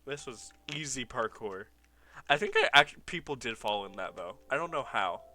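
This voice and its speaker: A man's voice: mid-range voice, expressive, moderate pace, sharp tone. A young man giving casual commentary over old gameplay, nostalgic and laughing often as he reads his old signs aloud. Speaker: gaming YouTuber.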